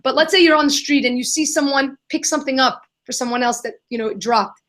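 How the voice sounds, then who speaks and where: A young adult woman answering questions in a live Q&A, telling an animated story and acting out the voices of the people in it. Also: high-pitched, fairly quick. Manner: animated, acts out quoted voices. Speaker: guest, kindness nonprofit founder.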